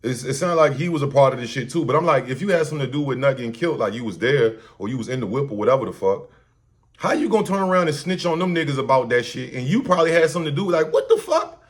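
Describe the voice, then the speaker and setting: A man's voice: mid-range voice, lively intonation, racing. A man hosting a casual reaction commentary, talking loosely in slang and profanity with many restarts and repeated words. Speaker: host.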